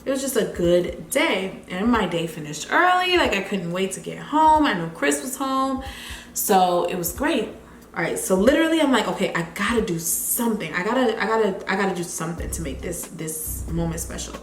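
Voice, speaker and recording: A young woman chatting casually while doing her makeup, retelling a story and acting out the people in it with lively repeated phrases. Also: normal speed, roomy sound, slight background noise. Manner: animated, acts out quotes with big pitch jumps, repeats phrases. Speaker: beauty vlogger. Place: home, near a running refrigerator.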